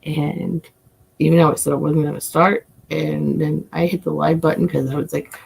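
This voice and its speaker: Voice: medium pitch, little pitch movement, moderate pace, vocal fry, a little mellow, a little hiss or hum. An adult livestream host and self-described coin nerd, chatting casually with viewers in a rambling way, swearing often and chuckling.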